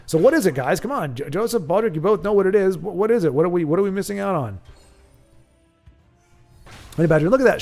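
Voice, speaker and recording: Brief: rambling, joking male streamer reading chat, somewhat high voice. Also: darkish tone. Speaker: live stream host. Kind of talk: casual live-stream chat.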